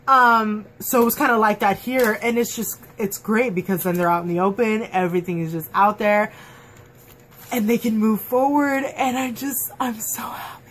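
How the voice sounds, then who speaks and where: A woman in a casual fan review, chatting at home in an excitable, gushing way full of fillers. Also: mid-range voice, normal speed, slight background noise. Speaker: TV episode reviewer. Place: at home, dog nearby.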